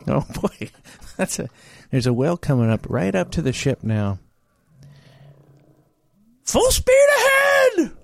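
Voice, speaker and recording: Lively man hosting a comedy bit. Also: medium pitch, normal speed, vocal fry, few pauses. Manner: goofy, bursts into exaggerated shouts. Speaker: podcast host.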